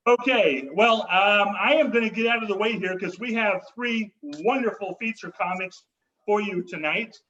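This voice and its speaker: A man hosting a comedy show and doing stand-up over a video call, with a wry, halting delivery. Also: high voice, bright, forceful tone, muffled recording.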